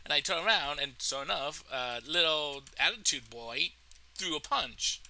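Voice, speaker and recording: Bright-voiced man telling a wild story. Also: on the high side, normal speed, rough recording. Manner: animated, profane, laughs at his own story. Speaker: storytelling vlogger. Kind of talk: casual storytime monologue.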